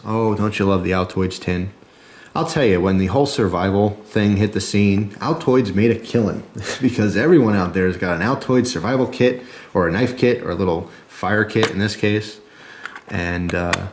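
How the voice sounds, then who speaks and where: A man's voice: on the low side, slight background noise. A man with a New Jersey accent, talking casually as he shows his gear, joking in asides and checking in with "okay?" and "right?". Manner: chatty, jokey asides, frequent "okay?" and "right?". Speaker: survival video host. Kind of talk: casual show-and-tell talk.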